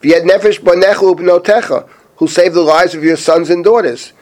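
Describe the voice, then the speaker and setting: A middle-aged man with a slightly high-pitched voice teaches a chapter of scripture as a rabbi. He reads Hebrew verses at a deliberate pace, then translates them and explains their meaning in a steady teaching manner. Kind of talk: spoken Bible lesson.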